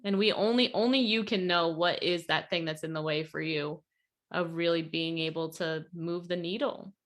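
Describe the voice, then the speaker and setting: A woman's voice: fairly low pitch, steady tone, normal speed. A woman weight loss coach on a podcast, talking casually and earnestly over a video call, with many fillers. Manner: chatty, lots of "like", earnest.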